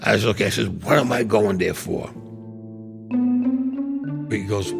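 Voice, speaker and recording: Gravelly older New man. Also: on the low side, a little slow, over loud music. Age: 70s. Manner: blunt, profane, streetwise storytelling. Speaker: interview guest. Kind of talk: storytelling in an interview.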